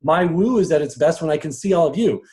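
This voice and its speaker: This man coaches an audience on personal strengths during a laid-back live talk, chuckling often and slipping into quick voices. He sounds expressive, with a higher-leaning pitch and a darkish tone.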